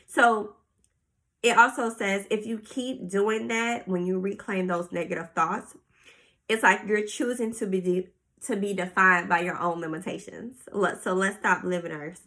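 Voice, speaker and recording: A woman hosting a casual solo podcast, reading passages aloud and reflecting on them in an expressive, conversational way. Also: mid-range voice, a little slow. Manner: expressive, reads passages aloud then comments, faith-inflected asides. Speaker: podcast host.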